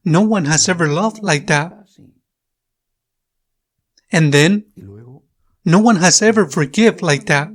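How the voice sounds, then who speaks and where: A male priest whose first language is Spanish, giving a sermon in slow, measured phrases that repeat for emphasis. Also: on the high side.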